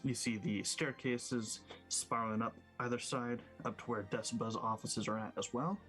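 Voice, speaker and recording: A man narrating as game master, relaxed and loose. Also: mid-range voice, normal speed, soft background music.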